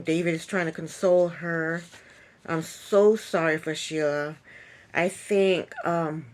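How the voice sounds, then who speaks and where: A woman talking through a reality TV episode recap in a casual, opinionated way, with many ums. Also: lowish voice. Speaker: recap vlogger.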